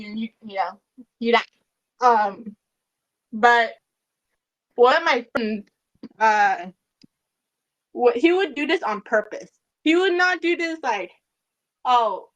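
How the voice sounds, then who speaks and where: A woman's voice: a little high, a bit bright, poor audio. A woman chatting casually on a gaming podcast, telling stories in a rambling, giggly way. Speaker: podcast guest. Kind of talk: casual chat.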